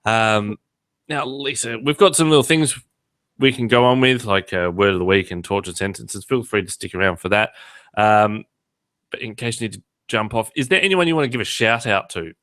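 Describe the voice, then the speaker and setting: A man's voice: lowish voice, moderate pace, a bit bright, dry recording. A man hosting a podcast in casual, joking chat with many fillers. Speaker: podcast host.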